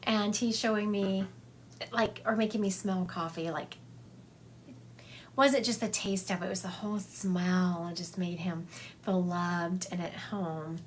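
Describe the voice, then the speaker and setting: Here a psychic medium streams from her phone, speaking a little slowly in a lowish, steady tone. She chats, relays spirit messages, and acts them out for her viewers over slight background noise.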